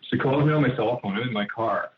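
A man, a guest entrepreneur, telling a story in an interview in an animated way, with many asides and restarts. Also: mid-range voice, fast. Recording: tinny phone-like line with faint noise.

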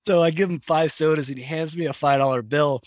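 A man being interviewed as a company founder, telling stories in a lively way and acting out voices in his anecdotes. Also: on the high side, a little fast, no echo. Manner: animated storyteller, acts out voices in anecdotes, laughs often. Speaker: founder and guest. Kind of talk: conversational interview storytelling.

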